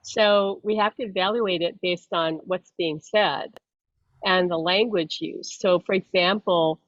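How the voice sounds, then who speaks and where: A woman's voice: on the low side, steady tone, unhurried, no echo. A woman host and psychic medium talking casually, rambling and restarting her sentences, breaking into laughter often. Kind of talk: casual explanatory chat. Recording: dull dry lo-fi sound.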